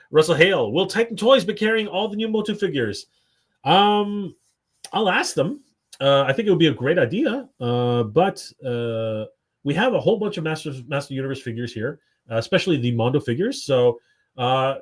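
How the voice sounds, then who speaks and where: Speaking in a fairly high, slightly rough voice, a man from Canada hosts a live toy stream. He reads viewer comments aloud and keeps the chat casual and upbeat, dropping in frequent fillers.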